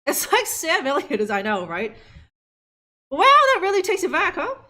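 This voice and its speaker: Woman game streamer, lively and bright, chatty and giggly, riffing with chat. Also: very high voice, moderate pace. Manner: chatty, laughing, talks to chat. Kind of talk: live gameplay commentary.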